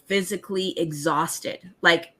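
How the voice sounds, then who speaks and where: A woman telling a personal testimony in a halting, emotional way, with many restarts. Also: fairly low pitch, steady tone, crowd noise.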